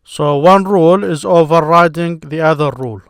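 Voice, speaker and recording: A man teaching a beginners' grammar lesson, explaining patiently and repeating syllables slowly for his learners. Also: on the high side, clear, resonant tone, no room sound, clean studio sound.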